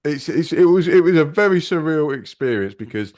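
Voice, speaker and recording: A man's voice: a little high, brisk. A man from southern England on a live chat show, telling a story casually, with swearing and voices acted out. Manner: lively storyteller who acts out other people's voices. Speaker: co-host.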